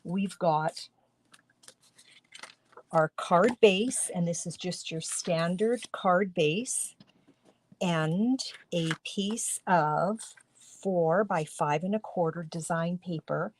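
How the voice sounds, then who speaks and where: With slight background noise, a middle-aged woman draws out her words in a lowish voice while live-streaming a card-making demo from her home craft studio. She's chatty, guides viewers through each step, and coughs occasionally due to a throat tickle.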